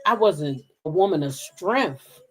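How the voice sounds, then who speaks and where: A woman's voice: lowish voice, animated, slow, breathy edge, soft background music. A middle-aged woman hosting a gossip channel, chatting frankly with her viewers in a casual live stream, reading their comments and swearing freely.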